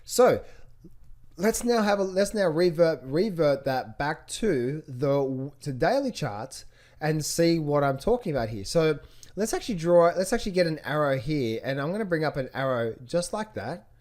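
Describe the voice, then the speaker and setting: A man walks through stock charts in a screen-share lesson, and his voice sits a little high for a man. He keeps asking rhetorical questions and repeats his phrases as he talks. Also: big pitch swings, normal speed, darkish tone. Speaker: trading coach.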